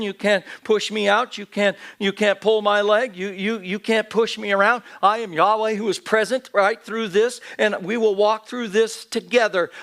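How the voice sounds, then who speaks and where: A man's voice: sits high, gravelly, a bit bright. A man pastor preaching a sermon in a church, earnest, with repeated phrases and restarts. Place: church sanctuary.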